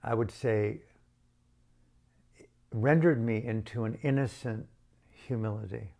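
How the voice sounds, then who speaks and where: A man's voice: fairly low pitch, slow pace, creaky, mellow. A man from the United States telling a personal story in a reflective, self-mocking way with shifting emphasis. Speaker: storyteller and author.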